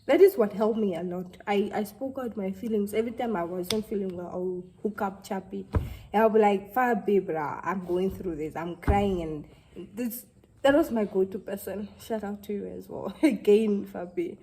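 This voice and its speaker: Warm-voiced woman, halting and heartfelt. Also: medium pitch, slight background noise, low-quality recording. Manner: halting, heartfelt, with many restarts. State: close to tears. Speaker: vlogger. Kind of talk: casual talk to camera.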